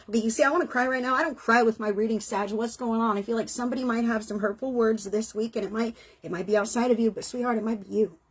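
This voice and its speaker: Husky-voiced woman giving a tarot reading. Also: a little high. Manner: chatty, earnest, emotional, swears casually. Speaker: tarot reader. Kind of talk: casual spoken tarot reading.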